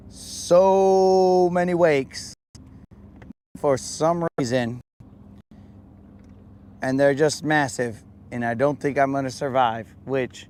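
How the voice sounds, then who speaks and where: A man's voice: a little high, a little hiss or hum. A young adult man hosting a podcast, chatting casually and jokingly in heavy slang, calling everyone bro and dog. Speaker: podcast host. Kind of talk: casual chat.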